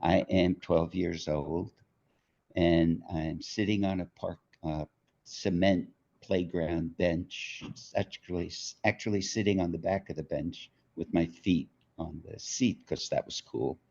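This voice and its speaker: A man's voice: sits low, fairly even intonation, vocal fry, darkish tone. An older man, telling a story from his childhood in an interview and acting out the voices in it. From New York. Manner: unhurried storyteller, acts out quotes. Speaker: author being interviewed. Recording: dull lo-fi audio.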